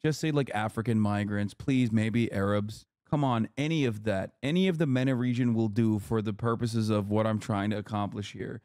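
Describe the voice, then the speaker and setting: A man's voice: fairly low pitch, normal speed, hardly any pauses, darkish tone, no echo, clean studio sound. A man in his thirties giving casual, sarcastic and profane live commentary while reacting to a video as a streamer.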